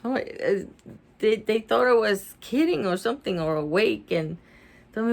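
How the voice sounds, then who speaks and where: A woman, a mother, reading a children's book aloud with chatty asides at home, expressive and laughing easily. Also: mid-range voice, measured pace, creaky. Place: at home with her dog.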